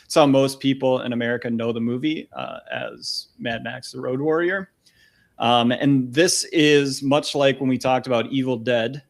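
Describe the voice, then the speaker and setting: A man's voice: mid-range voice, moderate pace, vocal fry. A man hosting a podcast, explaining things in a friendly, casual way. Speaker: podcast host. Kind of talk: casual chat.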